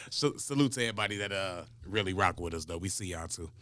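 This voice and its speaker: Laid-back low-voiced man hosting. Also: quick pace, no echo. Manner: laid-back, chuckling, giving shout-outs. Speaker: reaction show host. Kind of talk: casual reaction chat.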